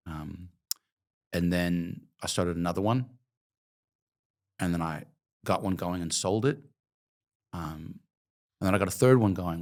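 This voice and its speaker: A man in his fifties from Oregon, telling his life story in an interview in a reflective, emotional way with many hesitant ums. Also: sits low. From Oregon, USA. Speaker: guest, coffee company founder.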